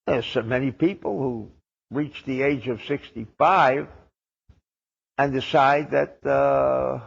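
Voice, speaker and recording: Slow, gravelly rabbi preaching a sermon. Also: male voice, mid-range voice, fairly even intonation. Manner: wry and sarcastic, with rhetorical questions. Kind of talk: sermon on the weekly Torah portion. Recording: dull lo-fi old recording.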